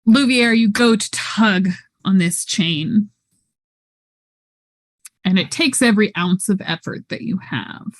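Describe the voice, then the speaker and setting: Slow, measured woman storyteller. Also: medium pitch. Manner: measured, descriptive narration. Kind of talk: narrating a tabletop game.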